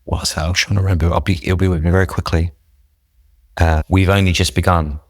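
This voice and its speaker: Deep-voiced guy rambling through his recovery story, earnest and reflective, dry close sound. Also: flat delivery, a little fast, no echo. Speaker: podcast guest.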